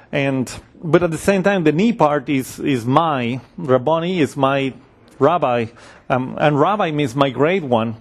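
A man delivering a sermon in a relaxed, conversational style. His voice sits a little high for a man. Now and then he briefly acts out the voices of the people in his story. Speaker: preacher.

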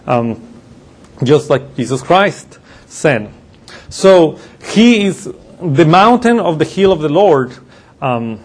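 A man preaching a sermon, explaining scripture in a loose teaching way with pauses and self-corrections. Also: fairly high pitch. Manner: uses slides while teaching.

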